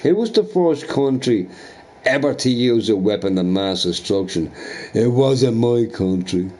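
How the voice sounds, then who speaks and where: A man streaming a game talks in a slow, drawn-out way, with an average-pitched voice. He drifts between loose chat and fired-up, profane rants, and keeps checking in with a "right?". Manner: profane, ranting, animated opinions with frequent "right?". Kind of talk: casual rambling chat while gaming.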